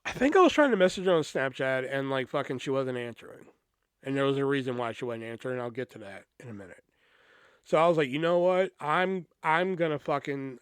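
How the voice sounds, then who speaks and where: In a clean, dry studio recording, a young man with a smooth, somewhat high voice hosts a podcast. He tells a personal story casually and profanely, rambling along with lots of restarts and plenty of "you know."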